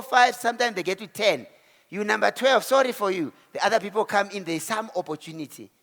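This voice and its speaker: A South African man in his forties giving an animated motivational talk to a live audience, telling his story and acting out the voices of the people in it. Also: very high-pitched. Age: 40s. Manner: animated storyteller who acts out quotes and exclamations. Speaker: keynote speaker. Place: event hall. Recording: hall reverb.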